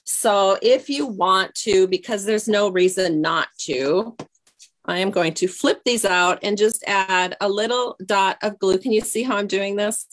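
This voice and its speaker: A woman's voice: mid-range voice, a little slow. A middle-aged woman giving a casual craft tutorial, chatty and a little scattered, losing her train of thought while she works. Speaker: crafting demonstrator.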